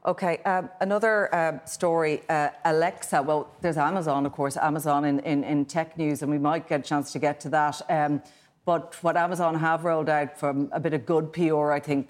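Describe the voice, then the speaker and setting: Low-voiced Irish woman hosting a panel. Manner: relaxed, chatty, with frequent fillers. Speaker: TV current affairs host.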